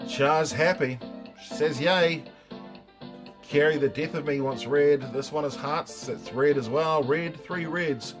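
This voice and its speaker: A man's voice: fairly high pitch, fairly even intonation, a little slow, music in the background. A middle-aged man with a New Zealand accent hosting a casual live stream, joking, swearing and reading out viewers' names.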